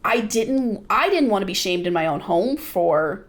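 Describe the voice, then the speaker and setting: A woman's voice: mid-range voice, very animated, a little slow. Blunt, laughing woman in her forties. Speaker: podcast guest. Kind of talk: candid casual chat.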